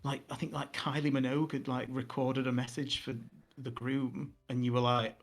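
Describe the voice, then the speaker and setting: A young man in the middle of a rambling anecdote, his voice pitched at an ordinary middle height. He lapses into fillers and flips into high, mocking impressions of the people he quotes. The tone stays loose and conversational, like podcast chat among friends. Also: flat delivery, moderate pace. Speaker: podcast co-host. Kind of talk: casual storytelling chat.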